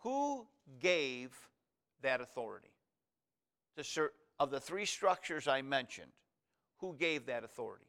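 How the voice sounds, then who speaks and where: A middle-aged pastor giving a sermon in a bright, ringing voice. He preaches with emphatic swells on his main points and turns quiet and soft in prayer. His pitch sits at an ordinary middle for a man. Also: big pitch swings, a little slow, long pauses. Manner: emphatic preaching that rises high and loud on key points.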